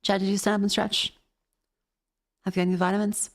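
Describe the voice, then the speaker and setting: A woman's voice: medium pitch, flat delivery, moderate pace, gravelly. A woman streaming a game in casual chat, chatty and exclamatory, talking to her viewers. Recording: noisy stream mix.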